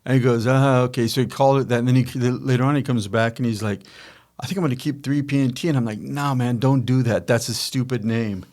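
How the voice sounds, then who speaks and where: A man's voice: mid-range voice, fairly even intonation, fast talker, a little mellow. A middle-aged man hosting a podcast, telling a family business story in a rambling, self-correcting way and acting out quoted dialogue. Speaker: podcast host, company founder. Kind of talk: casual storytelling chat.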